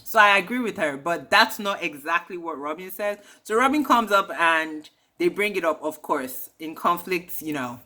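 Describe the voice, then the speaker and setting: Chatty woman doing a show recap, bright sharp voice, slangy and opinionated. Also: fairly low pitch, lively intonation, normal speed, few pauses. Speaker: reality TV recap host. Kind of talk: casual chat recapping a show.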